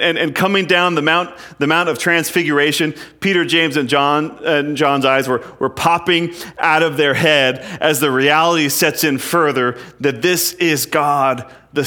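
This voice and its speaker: A man's voice: a little high, normal speed, pushed and bright. A man preaching an expository sermon, reading verses aloud and explaining them earnestly, at times rising to emphatic peaks.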